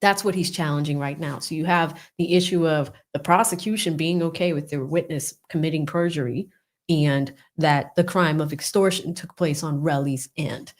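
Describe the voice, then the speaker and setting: A woman hosting casual live commentary on a court trial, chatty and animated, with laughing asides. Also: low-pitched, normal speed. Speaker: legal commentary host.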